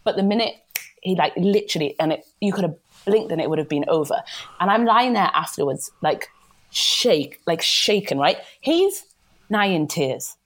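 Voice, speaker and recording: A young woman telling a personal story in a candid, blunt, animated way. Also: fairly low pitch, normal speed. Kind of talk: candid casual chat.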